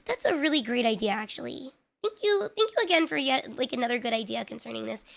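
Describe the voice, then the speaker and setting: A woman's voice: on the high side, animated, quick pace, vocal fry, fairly bright tone. A woman streamer chatting casually to her viewers, rambling with lots of filler words and putting herself down, audibly frustrated. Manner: rambling, filler-heavy, self-deprecating. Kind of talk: casual live-stream chat.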